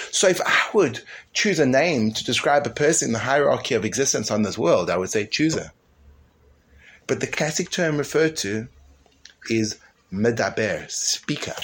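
A man leading an informal Torah class, animated and emphatic, dropping to a hushed tone at times, with many fillers and restarts. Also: mid-range voice, slight background noise. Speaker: teacher.

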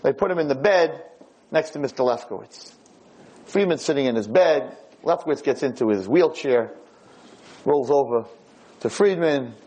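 Guy telling a story in a lecture, lively voice, kinda husky. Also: medium pitch, moderate pace, rough recording. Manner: animated, conversational storyteller.

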